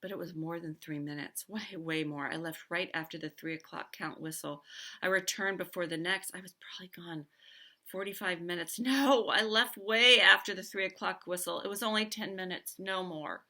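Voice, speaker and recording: A woman's voice: fairly low pitch, normal speed, sharp tone. A woman teacher reading a novel aloud with expression, stopping now and then to comment on the story.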